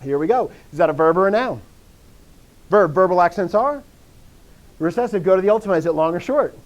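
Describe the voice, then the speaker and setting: A man leads a classroom lecture on Greek accents, firing repeated questions at his students and breaking into animated bursts of enthusiasm. His voice is high and brisk, and the audio sounds dull.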